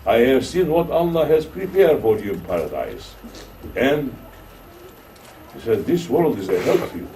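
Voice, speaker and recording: A man's voice: moderate pace, pauses often, a little hiss or hum. A man with a Turkish accent, a Sufi shaykh, tells a story in a sermon and acts out the voices of its characters. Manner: animated storytelling, acting out quoted voices with rising pitch. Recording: distant mic with faint room ambience.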